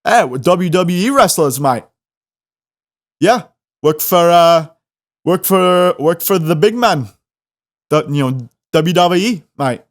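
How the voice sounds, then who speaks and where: A man's voice: on the high side, expressive, takes it slowly, pauses often. A man putting on an Australian accent to play a big, laid-back male wrestler who drawls and keeps repeating himself. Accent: Australian put-on. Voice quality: drawling, repeats himself, says mate a lot.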